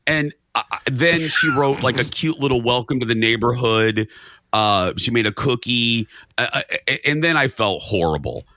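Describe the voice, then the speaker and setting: Male talk-show guest, lively and bright, spins an anecdote and plays out his reactions on a dry studio mic. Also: medium pitch, moderate pace, dry recording. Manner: animated storyteller, acts out his own reactions. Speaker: guest, radio and TV host. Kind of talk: casual chat, storytelling.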